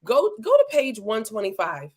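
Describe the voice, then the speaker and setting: A woman's voice: on the high side, wildly swooping pitch, normal speed, darkish tone. A woman hosting an interview, reading viewer comments in a playful, chatty way. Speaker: host. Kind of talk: casual interview chat.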